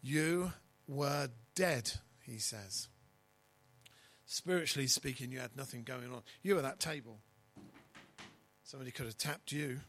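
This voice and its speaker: Husky pastor preaching. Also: male voice, medium pitch, moderate pace, pauses often, low-quality recording. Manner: emphatic, swinging between loud stresses and quiet asides. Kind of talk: sermon.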